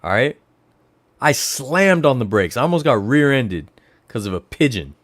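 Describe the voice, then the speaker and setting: A man from the Bay Area of California hosting a livestream, chatting casually and rambling, his voice jumping up high when he gets excited. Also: moderate pace, no room sound. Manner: rambling storyteller who jumps to high excited exclamations. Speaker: livestream host.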